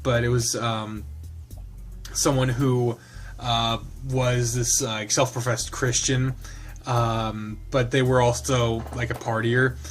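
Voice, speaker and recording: Male game streamer, narrates the visual novel aloud, halting commentary with frequent laughs. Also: medium pitch, level tone, soft background music.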